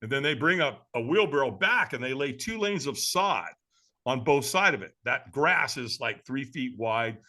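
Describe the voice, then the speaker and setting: A man guesting on a podcast, telling a personal story in a lively, dramatic way and laughing as he goes, with a casual manner. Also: medium pitch, moderate pace. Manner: casual, addresses the host as man and brother.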